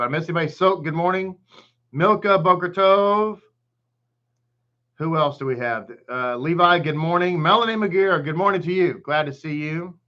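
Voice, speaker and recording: A man's voice: fairly high pitch, dull audio. A man with a Texan accent, a rabbi giving a casual online Torah class, greeting viewers by name and chatting freely. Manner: chatty, greets viewers by name, hums and laughs between thoughts.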